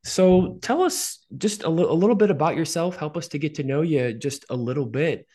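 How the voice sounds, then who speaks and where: A man's voice: fairly high pitch, lively intonation, a little fast, dark tone. A man hosting a casual podcast interview, upbeat and joking, with plenty of fillers. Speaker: podcast host.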